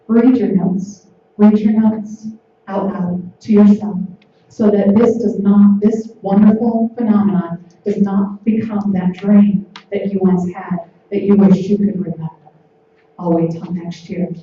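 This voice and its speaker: Woman, spiritual conference speaker, gentle, repetitive, dull lo-fi sound, faint hiss. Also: mid-range voice. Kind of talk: spiritual talk to an audience. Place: large hall on stage. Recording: echoey hall from far off, dull lo-fi.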